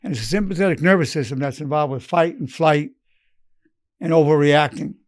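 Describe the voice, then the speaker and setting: A man's voice: on the high side, no echo. Older man, earnest advice in a dry room. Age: 80s. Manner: earnest, measured, acts out loving phrases softly. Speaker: psychologist giving a lesson. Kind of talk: unscripted advice talk.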